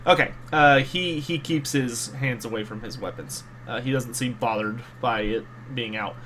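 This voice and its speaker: A man's voice: mid-range voice, moderate pace, fairly bright tone, a little hiss or hum. A man narrating as game master of a tabletop game, talking with frequent ums and uhs. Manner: hesitant, many ums and uhs.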